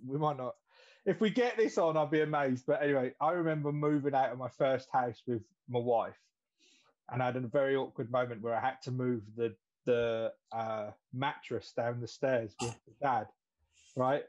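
A man's voice: medium pitch, normal speed, darkish tone. Man with a slightly muffled sound. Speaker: podcast co-host. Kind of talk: casual chat.

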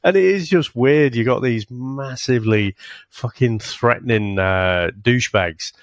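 A man's voice: mid-range voice, a little slow, no room sound. A man co-hosting a podcast, chatting casually and rambling about a film, swearing and laughing often. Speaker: podcast co-host. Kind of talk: casual film-review chat.

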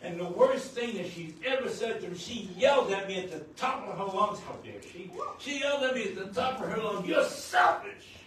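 An older man, married nearly fifty years, preaching a sermon as pastor, at times rising to shouts. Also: high-pitched, animated, brisk, few pauses. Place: church sanctuary. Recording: very echoey church hall, distant mic, noisy.

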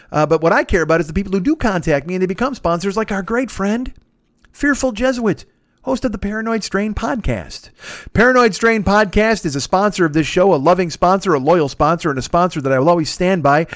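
A man in his forties with a fairly high voice, recorded dry and close at a desk microphone in his apartment. He rambles through casual podcast plugs, swearing freely, mocking himself and restarting his sentences. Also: no echo. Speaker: podcast host.

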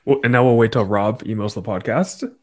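Um homem num podcast conversando sobre um filme, provocando os amigos e rindo bastante. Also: male voice, fairly low pitch, a little fast, darkish tone. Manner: laughs often, teasing. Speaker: podcast co-host. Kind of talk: casual movie review chat.

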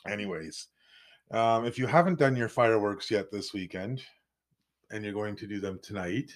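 A man's voice: fairly low pitch, normal speed. A man from Canada co-hosting a podcast, bantering in a joking, self-mocking way. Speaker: podcast co-host.

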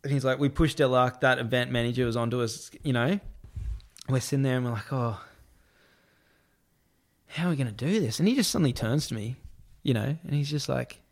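A man relaxedly tells a lengthy story on a podcast, often breaking into laughter and mimicking others in a raised voice while dropping plenty of "I'm like" remarks. His delivery is fairly quick.

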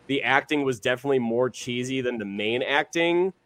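A man's voice: mid-range voice, a little fast, fairly bright tone, dry recording. A young man co-hosting a podcast, talking in a rambling, casual way with many fillers and some swearing. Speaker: podcast co-host. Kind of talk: casual chat.

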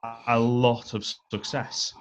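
A man co-hosting a casual football chat, weighing his points in a steady, analytical way with frequent "I think" and "um". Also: mid-range voice. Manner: measured, analytical, leans on "I think" and "um". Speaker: podcast co-host.

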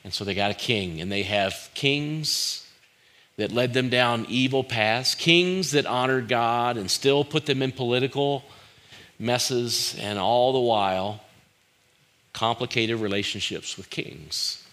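A man's voice: medium pitch, takes it slowly, a bit bright. A middle-aged male pastor preaching a conversational sermon, firing rhetorical questions at the congregation and acting out quoted lines.

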